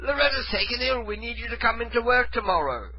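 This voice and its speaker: A man's voice: very high-pitched, expressive, fast, muffled recording, a little hiss or hum, voice pushed up. A man doing a fake British boss, pushy. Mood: insistent. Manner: pushy, overly polite, talks over the other person. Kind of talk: prank phone call.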